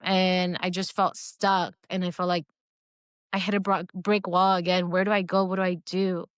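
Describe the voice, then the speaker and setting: A woman's voice: fairly low pitch, level tone, moderate pace, smooth, no echo, studio quality. A woman telling a personal testimony in a hesitant, emotional way, with many fillers and restarts. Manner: emotional, earnest. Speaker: guest sharing a personal faith testimony. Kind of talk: casual personal storytelling.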